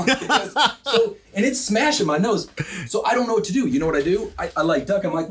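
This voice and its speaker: A man's voice: a little high, fairly quick, slight background noise. A man in his sixties tells a story as a guest on a studio podcast. He speaks with energy, jumps into the voices of the people in the story, and often restarts his sentences. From Wisconsin. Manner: energetic, acts out quotes, frequent restarts. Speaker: business owner guest. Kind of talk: animated storytelling in a podcast interview.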